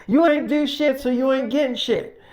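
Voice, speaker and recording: A storyteller voicing an angry armed man who curses at workers and threatens to shoot them, in a loud, raised voice. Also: high voice, moderate pace, pitched above the performer's own voice, lightly acted. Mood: furious, threatening. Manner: cursing, threatening, shouting.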